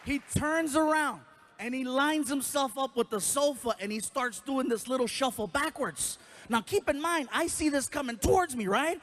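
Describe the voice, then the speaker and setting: A man doing stand-up storytelling on a comedy stage with a handheld mic, animated and exaggerated. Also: very high voice, moderate pace, a faint crowd, a little hiss or hum. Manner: animated, exaggerated, big vocal swings. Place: comedy stage before a crowd.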